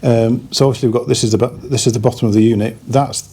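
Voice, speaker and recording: A man's voice: medium pitch, steady tone, quick pace, mellow, slightly rough. A man giving a casual, rambling hi-fi product review, slightly out of breath, with many restarts.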